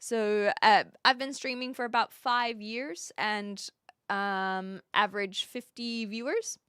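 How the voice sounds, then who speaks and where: Woman, New Zealand accent, streamer reading chat, unhurried, dry close sound. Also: a little high, steady tone, a bit bright, smooth, no room sound. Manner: chatty, rambling with many fillers and restarts. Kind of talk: live stream chat, reading viewer questions.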